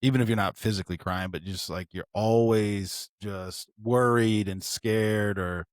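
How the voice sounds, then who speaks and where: A man's voice: on the low side, fairly even intonation, unhurried, no echo, studio quality. A man co-hosting a podcast in candid casual chat, talking in an earnest, reflective way with frequent restarts. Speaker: podcast co-host.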